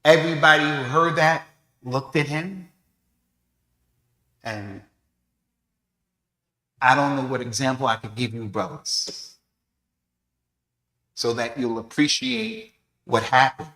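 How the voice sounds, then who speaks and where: A man's voice: medium pitch, slow, long pauses, bright, forceful tone. A man teaching a mosque lesson in sermon style, telling a story with animation and acting out the voices of the people in it. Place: mosque prayer hall. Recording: echoey mosque hall.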